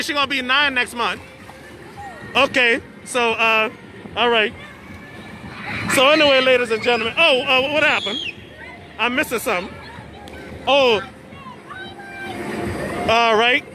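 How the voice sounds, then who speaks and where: A man hosts a casual live stream from an outdoor birthday party, chatty and repeating his words as he stammers. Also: extremely high pitch. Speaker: host of a live stream show. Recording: phone recording outdoors, party music and crowd. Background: music and children at a party.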